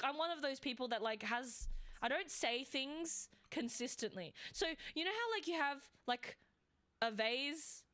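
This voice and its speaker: A woman's voice: on the high side, pushed and bright, smooth. A woman with an Australian accent, chatting casually and rambling while streaming a game. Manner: rambling, chatty, with frequent fillers and laughs. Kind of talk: casual live gameplay stream chat.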